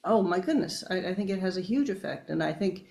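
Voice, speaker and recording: A woman's voice: on the low side, lively intonation, brisk, vocal fry, darkish tone. A woman speaking as an interview guest, explaining research in an emphatic, conversational way and sometimes addressing listeners directly. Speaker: guest neuroscientist.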